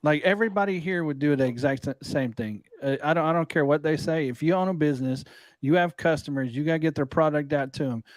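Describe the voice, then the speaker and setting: A man's voice: fairly high pitch, quick pace, no room sound, poor audio. Easygoing man chatting on a live show. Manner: easygoing, reasoning aloud with many fillers. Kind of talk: casual live stream chat.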